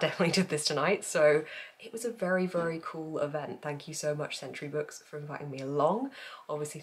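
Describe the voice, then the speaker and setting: Chatty low-voiced woman vlogging from home. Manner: chatty and enthusiastic, laughs often. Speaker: book vlogger. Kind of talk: casual vlog to camera. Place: at home, indoors.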